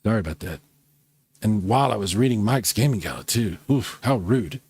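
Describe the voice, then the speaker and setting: A man's voice: fairly low pitch, lively intonation, brisk, a little mellow, breathy edge, no room sound. A man hosting a casual live gaming stream, chatting and reacting to viewer comments while he plays. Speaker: livestream host.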